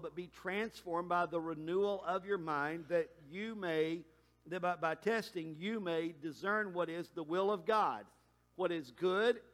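Male pastor, high voice, conversational sermon with emphatic rises. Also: fairly bright tone. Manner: conversational preaching, quick asides and emphatic climbs.

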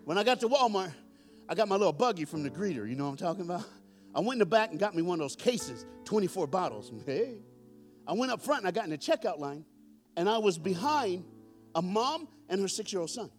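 High-voiced male preacher, call and response. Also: big pitch swings, fast talker, soft background music. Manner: call-and-response preaching, swelling to loud climaxes. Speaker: pastor. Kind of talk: sermon. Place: church.

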